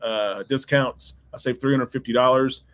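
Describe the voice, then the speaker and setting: A man in casual live-stream chat about cruises, talking with eager energy and often stopping to restart a thought. His voice sits at an ordinary middle pitch. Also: steady tone, moderate pace, fairly bright tone. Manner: chatty, enthusiastic, restarts often. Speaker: co-host and cruise travel agent.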